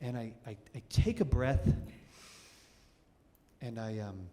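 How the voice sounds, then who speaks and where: A man telling a personal story live on stage, animated and vivid, often restarting phrases. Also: mid-range voice, slow. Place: cultural center hall, on stage. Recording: long hall reverb.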